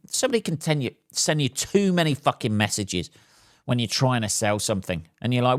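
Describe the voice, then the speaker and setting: A man, a podcast host and stand-up comedian, ranting casually and swearing, swinging between loud outbursts and mutters. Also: mid-range voice, expressive, a little fast, dry recording, studio quality. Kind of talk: casual solo podcast rant.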